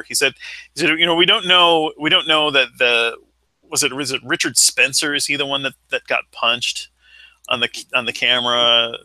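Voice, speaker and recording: Bright, halting man telling a story. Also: mid-range voice, no echo, low-quality recording. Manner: rambling, halting storytelling with many restarts. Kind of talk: casual chat.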